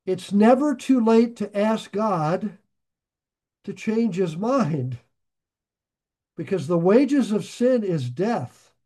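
An older male pastor preaching in a high, lively voice. He talks folksy and plain, dropping jokes between scripture readings and swelling suddenly louder on key points. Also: takes it slowly, long pauses. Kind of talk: sermon.

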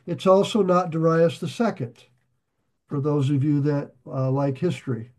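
A man preaching a sermon, reading scripture slowly and pausing to ask his listeners questions. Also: fairly high pitch, fairly even intonation, a little mellow. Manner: slow, deliberate, asks the listeners questions. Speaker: pastor.

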